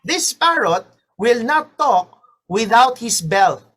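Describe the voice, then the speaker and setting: A woman voicing a smooth-talking man who sells pets in a told joke, reassuring and salesy. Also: fairly high pitch, big pitch swings, takes it slowly, fairly bright tone, exaggerated voice. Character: smooth-talking male pet shop seller.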